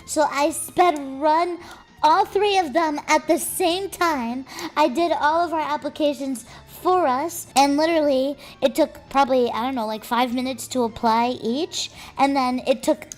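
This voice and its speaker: A woman's voice: high voice, moderate pace, faint music behind. A young woman streamer telling a story casually, swearing freely and sounding exasperated.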